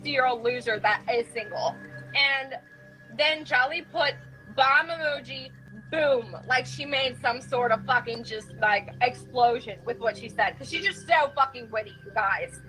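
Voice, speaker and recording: A woman's voice: high-pitched, unhurried, bright, forceful tone, faint music behind, poor audio. A woman ranting angrily to her viewers, swearing and recounting arguments from her chat. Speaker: streamer in a restreamed clip. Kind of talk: angry rant to viewers.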